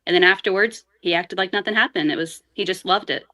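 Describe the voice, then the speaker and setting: A woman guest on a chat show, telling family stories in a casual, animated way and laughing often. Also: on the low side, quick pace. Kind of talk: casual storytelling.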